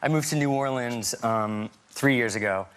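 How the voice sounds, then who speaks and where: A man who is a musician, a guest on a talk show, speaking enthusiastically and warmly about his work. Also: mid-range voice, normal speed, clear, resonant tone. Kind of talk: casual talk-show chat.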